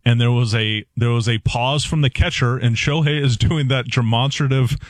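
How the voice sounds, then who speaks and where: A man's voice: mid-range voice, steady tone, moderate pace, no echo. Male radio producer, chatty explainer, lots of ums, dry studio sound. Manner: rambling, explanatory, with fillers. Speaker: executive producer and show regular. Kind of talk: sports talk radio.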